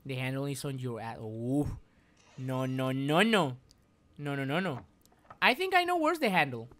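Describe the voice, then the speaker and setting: A woman's voice: a bass voice, sing-song, normal speed, a bit bright. A woman streaming a video game live, repeating phrases over and over and chatting to her viewers. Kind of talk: live gameplay commentary.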